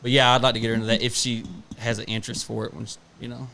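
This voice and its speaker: In casual chat on a laid-back podcast, a male co-host with a drawl rambles through stories about his kids and his job, swearing freely and acting out the exchanges. His middle-pitched voice is gravelly, pushed and bright, with a flat delivery and a racing pace.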